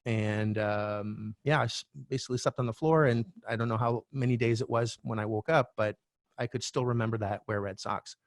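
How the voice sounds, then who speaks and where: A middle-aged man, a real estate coach, telling a candid personal story as a podcast guest, animated and swearing now and then. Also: mid-range voice, a little fast, no echo, studio quality. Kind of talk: storytelling interview talk.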